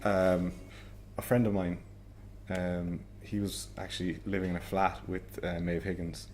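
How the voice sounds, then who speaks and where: A man with a Cork accent, answering interview questions hesitantly with many pauses. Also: low voice, flat delivery, darkish tone, a little hiss or hum. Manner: hesitant, lots of ums. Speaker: interviewee, comedian.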